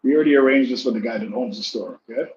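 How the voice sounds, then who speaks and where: A man chatting casually on a livestream, an animated storyteller who gets loud and high-pitched when he reenacts arguments. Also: very fast. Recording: slightly dull sound with faint background noise.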